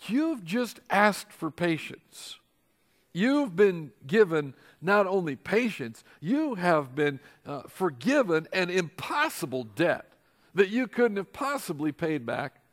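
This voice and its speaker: Animated male pastor preaching. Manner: animated, acts out quoted voices with big jumps in pitch and volume. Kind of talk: sermon.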